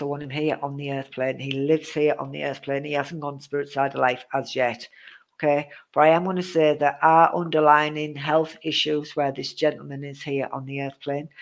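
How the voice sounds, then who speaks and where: Gravelly woman giving a live reading. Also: low voice, low-quality recording. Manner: chatty, repetitive, laughs at tech trouble. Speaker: psychic medium. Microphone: live-stream setup with a glitchy connection.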